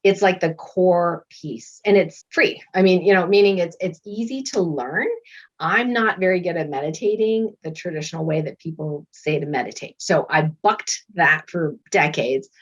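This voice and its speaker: A middle-aged woman, a doctor and author, chatting as an interview guest and telling lively stories. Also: on the low side, moderate pace. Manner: lively storyteller who acts out quoted voices and laughs often. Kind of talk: casual interview chat. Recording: dull lo-fi recording.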